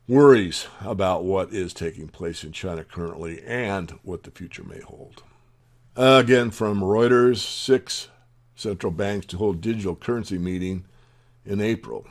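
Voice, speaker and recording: A man with a very low voice reads out news items and breaks off to comment on them. He drops his pitch and volume at the ends of phrases, and his asides come across as blunt and opinionated. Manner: opinionated asides between read-out headlines. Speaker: newsletter host.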